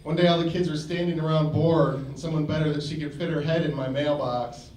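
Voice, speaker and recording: A male standup comic tells his jokes with a dry, deliberate delivery in a slightly high voice. He is recorded from a distance on a comedy club stage. The room is echoey, with a faint hum of ambience. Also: fairly even intonation, a little mellow. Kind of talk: standup routine.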